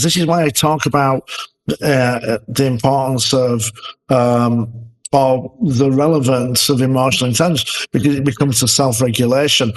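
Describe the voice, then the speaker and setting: Co-hosting a podcast as a leadership expert, this man speaks casually, with frequent fillers and false starts, in a mid-range voice. The recording quality is low.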